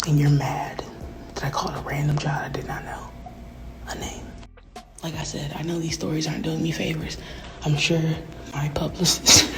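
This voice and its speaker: Husky-edged woman venting, cursing freely. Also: sits low, little pitch movement, normal speed, pauses often. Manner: profane, rambling, often drops to a hushed whisper. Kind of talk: candid venting monologue. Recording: noisy background.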